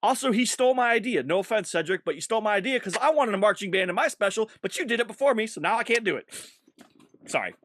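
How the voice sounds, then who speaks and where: A man who is a stand-up comedian, chatting casually on a podcast, animated and laughing often with quick asides. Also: high-pitched, no room sound, studio quality.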